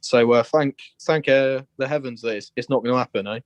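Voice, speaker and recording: A man's voice: mid-range voice, fairly quick, no echo. A young man with a Scouse accent, calling in to give a passionate, indignant fan's opinion. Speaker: caller. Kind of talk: phone-in fan opinion.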